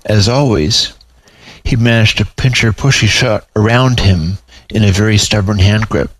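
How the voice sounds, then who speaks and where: A man reading aloud his own story in a measured, even storytelling manner. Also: on the low side, no echo, poor audio.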